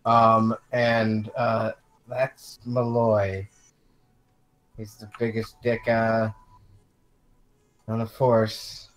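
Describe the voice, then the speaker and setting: A man playing a tabletop game, talking in a halting, drawn-out way. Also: fairly low pitch, level tone, rough recording. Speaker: player. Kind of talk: casual tabletop game play.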